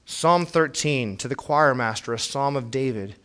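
Here a pastor preaches with real earnestness, his mid-range voice slightly bright and his speed normal. He is a young or middle-aged man with children who often restarts and repeats words, rising into a pleading tone for scripture readings.

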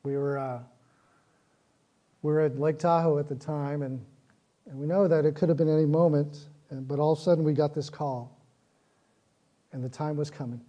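Mellow-voiced man preaching a sermon. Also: fairly high pitch, steady tone, moderate pace, pauses often. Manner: earnest, repetitive phrasing, rises in intensity. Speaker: pastor.

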